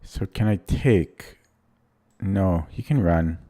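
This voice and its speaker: A man talks through his chess game live, in halting bits of thought and worried asides. His voice sits fairly low and he speaks slowly, often pausing mid-sentence to think. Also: mellow. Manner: anxious, thinks aloud in short fragments. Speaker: chess streamer. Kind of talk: live commentary while playing online chess.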